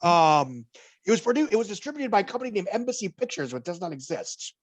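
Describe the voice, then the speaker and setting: A man's voice: high-pitched, big pitch swings, fast. A man co-hosting a podcast, giving a box office report in casual chat, wry and digressive, slipping dry jokes between figures.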